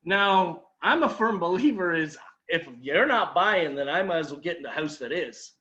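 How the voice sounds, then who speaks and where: A man's voice: high-pitched, animated, normal speed, bright, forceful tone, dull audio. A man leading a sales training talk, telling an anecdote and acting out his customers' lines, with emphatic repeated advice.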